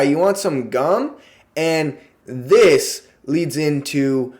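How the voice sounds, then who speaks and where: A man giving a casual video review of a TV show, excitable, swearing freely and filling his talk with fillers. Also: mid-range voice.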